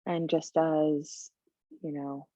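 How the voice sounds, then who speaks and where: A woman's voice: deep voice, level tone, slow pace, warm tone, no echo, lo-fi sound. A woman teaching a live coding class, thinking aloud with many fillers and talking bluntly about clients. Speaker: coding bootcamp instructor.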